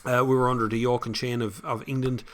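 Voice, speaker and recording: A man's voice: mid-range voice, little pitch movement, quick pace, a bit bright. An Irish man hosting a casual live chat, reading out viewer comments and rambling on between them with frequent laughs. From Ireland. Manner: chatty, rambling, laughs often.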